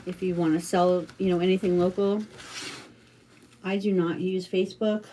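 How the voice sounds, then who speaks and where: A woman's voice: on the low side, little pitch movement, normal speed, warm tone, a little hiss or hum. A middle-aged American woman hosting a casual craft livestream, chatting and telling stories with lots of fillers and restarts. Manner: chatty, rambling storytelling with many fillers.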